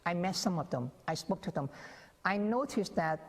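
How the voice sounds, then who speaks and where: A man's voice: high voice, lively intonation, normal speed. A man speaking as a guest on a TV interview, explaining his views earnestly with many repeated words and restarts. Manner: earnest, repetitive, frequent restarts and stammered words. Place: TV studio. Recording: reverberant TV studio sound.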